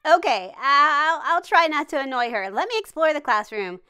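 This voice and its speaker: A woman's voice: sits high, animated, normal speed, sharp tone. A woman hosting a gaming channel, giving cheery, jokey and dramatic running commentary as she plays. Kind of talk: playful game commentary.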